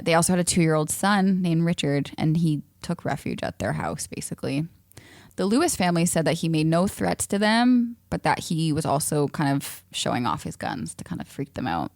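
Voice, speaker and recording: A woman's voice: low voice, a little mellow, no room sound, clean studio sound. A woman co-hosting a podcast, telling a story in a casual, playful way with frequent laughs. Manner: laughs often, playful asides. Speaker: podcast co-host.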